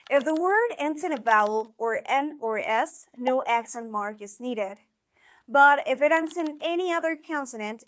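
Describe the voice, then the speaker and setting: A woman teaching a scripted video lesson, speaking clearly and encouragingly and slowing down to sound out example words. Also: sits high. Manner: clear, encouraging instructional delivery. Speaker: Spanish teacher.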